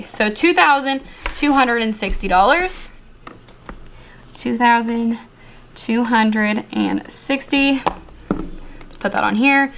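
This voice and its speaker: Young woman budgeting vlog, chatty n flustered, mumbles thru counting cash, faint hiss behind. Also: on the high side. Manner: chatty, easily flustered, counts bills in a quick murmur. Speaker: budgeting vlogger.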